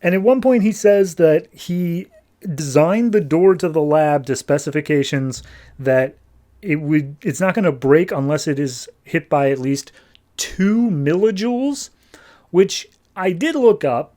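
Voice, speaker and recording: A man's voice: fairly high pitch, expressive, measured pace, warm tone. A man hosting a podcast, casually recapping a comic with jokes and acted-out voices. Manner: chatty, jokey, acts out the characters. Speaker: podcast host.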